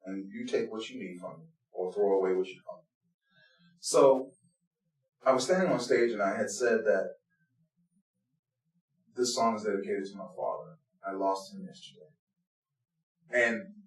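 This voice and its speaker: A man leading a blues band, telling personal stories in an interview in an earnest, heartfelt way, dropping to a hush and then rising loud. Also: fairly low pitch, measured pace, pauses often. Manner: earnest, heartfelt, swings between hushed and loud. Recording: roomy, distant from the mic.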